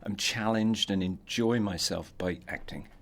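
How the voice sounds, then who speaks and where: An English man in his sixties speaks in a notably deep, low register. He talks in a relaxed, measured and articulate way as he answers interview questions. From England. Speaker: actor guest. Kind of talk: casual interview chat.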